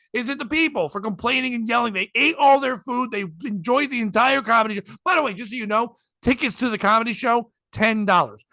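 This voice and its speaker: A man's voice: very high-pitched, brisk, few pauses, no room sound. A man, a comedian hosting a podcast, telling a story with lots of swearing and acted-out quotes. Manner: acts out quotes with shouting, swearing, laughing.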